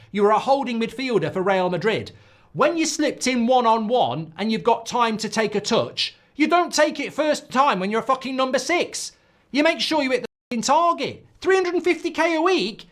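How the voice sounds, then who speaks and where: A man's voice: very high-pitched, big pitch swings, normal speed. A middle-aged man hosting a football watchalong, ranting in live match reaction with frequent swearing.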